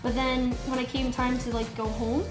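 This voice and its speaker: A young woman from New Jersey hosts a casual live stream while painting, joking and chatting with viewers. Her voice is high-pitched and flat at normal speed, in an echoey room with music behind.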